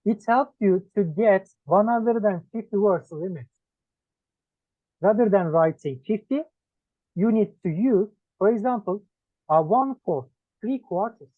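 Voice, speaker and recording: Male Turkish-accented English tutor, lively pitch, dry close sound, drills words one by one. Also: no room sound. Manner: listing words one by one with pauses. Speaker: English teacher. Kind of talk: one-on-one lesson. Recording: dry tinny phone-like sound.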